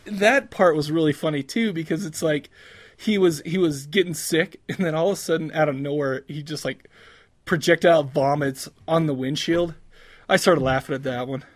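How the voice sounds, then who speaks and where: A man chatting casually on a movie podcast in a voice pitched a bit higher than most. He rambles, restarts his sentences and makes crude jokes between laughs. The recording is dry and close. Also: moderate pace, no room sound. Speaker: podcast co-host. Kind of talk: casual movie review chat.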